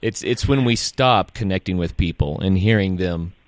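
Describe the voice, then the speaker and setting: Low-voiced podcast host, dry sound. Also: male voice, moderate pace, dry recording. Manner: affirming, laughs along with the guest. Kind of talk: interview host.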